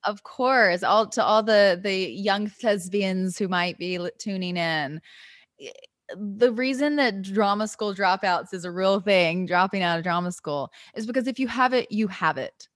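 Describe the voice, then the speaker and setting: A woman who acts for a living tells a story as a guest on a video call. She is lively and talks fast, moving from one thought to the next. Her voice sits in a middle range, and the sound is dry and close. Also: mid-range voice, dry recording. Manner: animated storyteller, quick and chatty. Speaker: actress and guest. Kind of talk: casual interview over video call.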